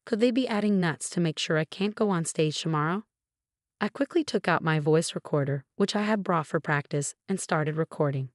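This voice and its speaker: Low-voiced woman narrating a story. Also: moderate pace, dry recording, clean studio sound. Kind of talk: scripted first-person narration.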